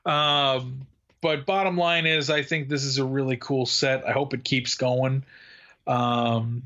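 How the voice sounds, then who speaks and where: A man's voice: medium pitch, fairly even intonation, slow, fairly bright tone, lo-fi sound. A man co-hosting a podcast in casual chat, rambling with fillers, restarts and frequent laughs. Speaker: podcast co-host.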